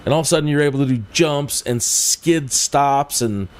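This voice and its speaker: A man's voice: mid-range voice, normal speed, smooth. A man hosting a flight sim livestream, rambling casually and talking straight to his viewers. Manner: rambling, chatty, addresses viewers directly.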